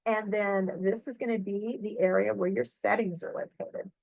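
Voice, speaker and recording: A middle-aged woman librarian walks through software on a shared screen, chatty and full of fillers and check-ins. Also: medium pitch, steady tone, normal speed, creaky, no room sound, low-quality recording. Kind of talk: screen-share tutorial walkthrough.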